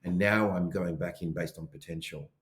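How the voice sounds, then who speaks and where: A man co-hosting a podcast in casual chat, animated as he acts out his inner voices. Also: deep voice, normal speed, roomy sound. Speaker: podcast co-host.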